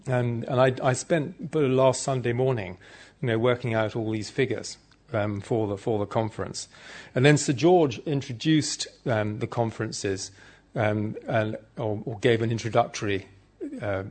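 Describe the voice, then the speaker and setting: A man giving an informal, good-humored conference talk, chatting directly with the audience. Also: mid-range voice. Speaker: conference speaker.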